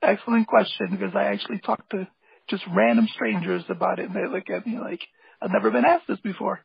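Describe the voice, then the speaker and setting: A man with a high voice and heavy vocal fry speaks casually, with plenty of filler words. His tone stays enthusiastic and rambling. The sound is dry and dull, like a lo-fi call recording. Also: steady tone, a little fast, no echo. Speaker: guest, hip hop artist and graphic designer. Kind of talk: casual interview talk.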